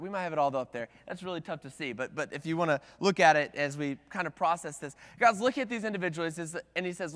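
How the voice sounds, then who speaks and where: A man's voice: a little high, lively intonation, fast, few pauses, a bit bright. A man preaching a sermon from the pulpit in a conversational way, with frequent "like"s and restarts. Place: church sanctuary at the pulpit. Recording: long reverb of a church hall.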